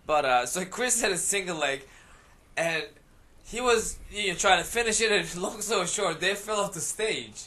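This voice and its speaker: A mixed martial arts fighter tells an animated story during a casual podcast chat, laughing often. His male voice sits high, and he talks at a moderate pace.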